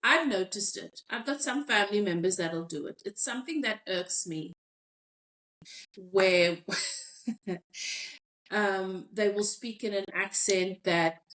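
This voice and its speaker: South African woman, podcast host, slow unhurried delivery, reflective tone. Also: mid-range voice, a bit bright. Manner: thoughtful, reads listener comments aloud. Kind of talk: casual discussion.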